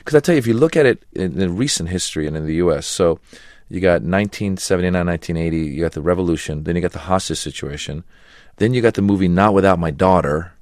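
A middle-aged comedian man answering interview questions in a loose, animated way, slipping into mimicked voices as he tells stories. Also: deep voice, quick pace, no room sound, studio quality. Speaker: comedian guest.

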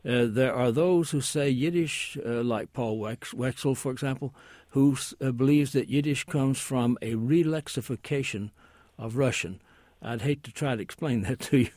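A man's voice: medium pitch, normal speed, few pauses, darkish tone, dry recording. A man who is a guest language expert on a call-in radio show, explaining at length with many hesitations and asides.

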